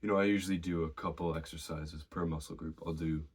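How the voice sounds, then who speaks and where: With a rumbling low voice and a fast delivery, a male fitness vlogger casually shares workout advice from his own experience. He's relaxed and conversational but a little out of breath, and there's slight background noise.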